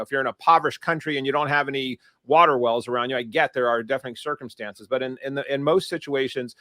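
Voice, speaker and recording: A man's voice: medium pitch, a bit bright, dry recording. A man hosting a business show, asking long, winding interview questions. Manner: rambling, wordy questions with many restarts. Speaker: podcast host.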